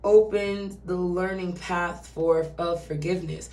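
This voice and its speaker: A woman's voice: on the low side, takes it slowly. A woman giving a casual, chatty tarot reading who swears and acts out quoted voices. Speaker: tarot reader. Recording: roomy echo, distant from mic.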